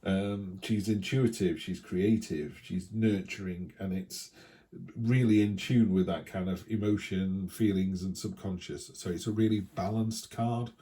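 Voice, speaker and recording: Casual male tarot reader, low warm voice, rambling and friendly restarts. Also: fairly even intonation, a little slow. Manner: chatty, thinking aloud, with many restarts.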